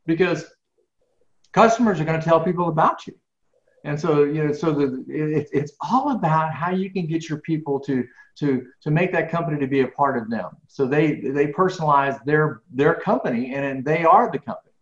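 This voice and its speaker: A man who is a professional speaker, telling a lively story in a podcast interview and acting out the dialogue. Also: on the high side, moderate pace. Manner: animated, acts out dialogue. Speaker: guest speaker. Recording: roomy, dull lo-fi sound.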